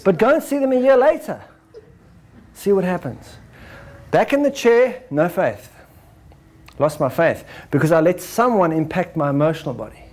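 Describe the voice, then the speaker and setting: A man giving a lecture to an audience, animated, acting out examples and ending points with "right?". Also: high-pitched, normal speed, long pauses. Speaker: speaker.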